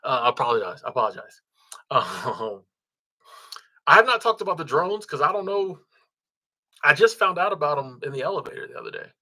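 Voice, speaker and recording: A man's voice: a little high, sing-song, moderate pace, pauses often, pushed and bright. Laid-back man chatting on a livestream. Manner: laid-back, chuckling, many ums and restarts. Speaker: livestream host. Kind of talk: casual live chat reading comments.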